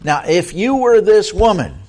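A man with a somewhat high voice preaches a sermon, reading scripture and then unpacking it for his listeners. He talks earnestly and leans on rhetorical questions. He often stumbles and repeats words as he presses his points. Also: big pitch swings, unhurried, darkish tone.

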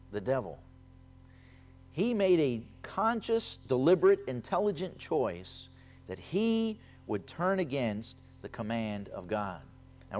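Lively, emphatic male preacher. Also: mid-range voice. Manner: repeats key phrases for emphasis. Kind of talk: sermon with scripture reading.

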